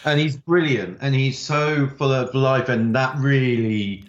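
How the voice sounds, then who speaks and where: A man's voice: medium pitch, unhurried, reverberant, dull audio. A man, a writer, chatting in an interview and telling stories with many fillers. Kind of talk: interview conversation.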